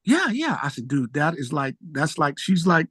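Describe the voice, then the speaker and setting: A man who is a musician guest, telling stories in a relaxed, slangy way and jumping high in pitch when excited. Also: normal speed, slightly rough, no room sound. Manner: animated storyteller, jumps high when excited. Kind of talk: casual storytelling interview.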